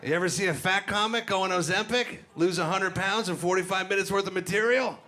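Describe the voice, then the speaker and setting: A middle-aged man doing a stand-up set on a club stage, with dark, deadpan crowd work and acted-out voices. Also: high voice, a little fast. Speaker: stand-up comedian. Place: comedy club stage before a live audience. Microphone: handheld stage mic. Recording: live club recording, loud crowd laughter.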